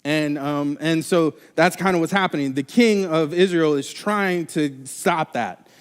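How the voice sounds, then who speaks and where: A young man preaches live in a church, his somewhat high voice carrying a long reverb through the hall. He talks in a loose, conversational way, stumbling through restarts and fillers as he goes. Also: a little slow, clean tone. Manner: casual, rambling with many restarts and fillers. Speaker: pastor. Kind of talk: sermon. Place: church sanctuary.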